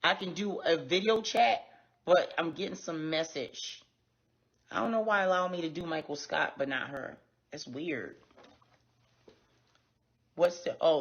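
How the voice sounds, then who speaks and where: A woman's voice: sits low, measured pace, long pauses. A woman hosting a casual livestream, talking bluntly and with plenty of profanity straight to her viewers. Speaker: livestream host. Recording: dull lo-fi stream audio.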